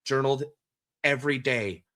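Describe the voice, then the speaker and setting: Bright-toned reflective male interviewer. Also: medium pitch, normal speed. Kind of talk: conversational interview.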